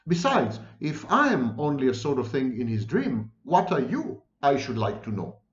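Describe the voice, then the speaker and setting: A man's voice: medium pitch, huge pitch swings, normal speed. A man reading aloud and voicing a timid, thoughtful little girl who pleads earnestly, recorded in a roomy space with dull sound.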